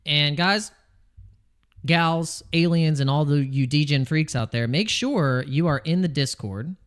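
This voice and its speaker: On a casual crypto livestream, the host jokes and rambles while reading names from chat and restarting his sentences, clearly over-caffeinated. His voice is on the high side and clean, and he talks a little slowly.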